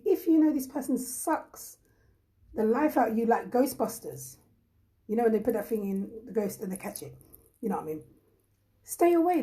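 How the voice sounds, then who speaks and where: A woman's voice: on the high side, warm tone, rough recording. A woman host from Ghana in casual live chat, blunt and emphatic, repeating her points and reading viewers' comments aloud.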